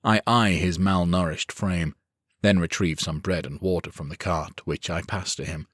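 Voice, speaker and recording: A man reading a first-person fantasy audiobook in a measured, steady storytelling manner. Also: low-pitched, no room sound, studio quality. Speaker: audiobook narrator.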